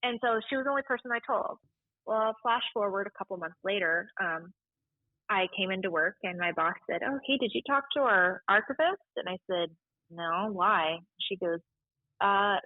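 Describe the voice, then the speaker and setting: Lively library staffer, a woman, slightly low voice, tinny phone-quality recording. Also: no echo. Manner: chatty, animated, acts out quoted voices. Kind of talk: casual storytelling interview.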